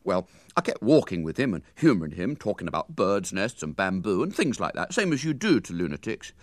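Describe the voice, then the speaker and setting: A man's voice: low-pitched, sing-song, a little fast, no room sound, clean studio sound. A man voicing a boastful schoolboy who chatters on with his mouth full.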